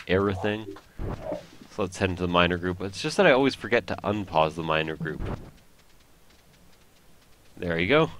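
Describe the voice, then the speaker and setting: A low-pitched, fairly bright male voice, with slight background noise, belongs to a let's play host whose first language is French. He rambles while commenting on a video game, joking at his own expense.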